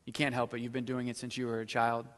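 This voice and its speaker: A middle-aged male pastor preaching with a bright, forceful voice. He swings from loud, emphatic passages down to low, hushed asides. His sermon rings with a long reverb, as from a big hall. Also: completely flat delivery, fast talker.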